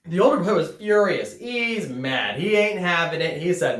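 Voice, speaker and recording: Animated woman preaching in an echoey room. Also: on the low side, moderate pace, hardly any pauses. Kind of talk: sermon.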